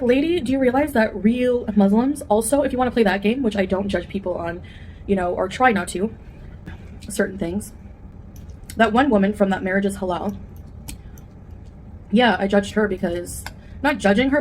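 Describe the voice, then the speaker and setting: A chatty woman eating on camera at home and rambling candidly between bites. Her voice sits at a middle pitch, with a faint room ambience murmuring behind her. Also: darkish tone, slight background noise. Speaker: food vlogger. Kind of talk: casual mukbang chat.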